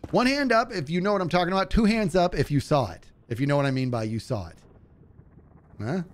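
Animated man telling a story while gaming. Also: a little fast. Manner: animated, acts out quotes in a higher voice, laughs often. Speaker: streamer.

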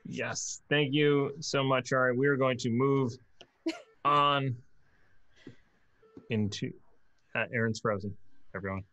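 A man's voice: medium pitch, steady tone, takes it slowly, long pauses, pushed and bright. A man running a tabletop game on a video-call stream, chatting casually, laughing often and tripping over names. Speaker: dungeon master.

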